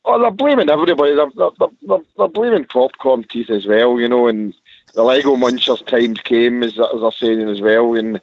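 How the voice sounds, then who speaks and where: A Scottish caller in a parked car rings a radio phone-in to enthuse about the match, repeating superlative after superlative. His mid-range voice keeps a moderate pace, with no room sound, though the phone line is muffled.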